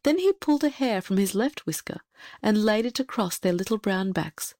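A woman narrates a fairy tale in a gentle, measured voice, pitched in a middle range. The recording is close and very dry, with no room sound. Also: lively intonation, no echo. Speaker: audiobook reader. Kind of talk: storybook narration.

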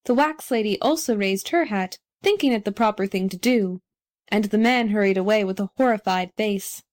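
A woman narrating a storybook audiobook in an even, clear storytelling manner. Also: mid-range voice, moderate pace.

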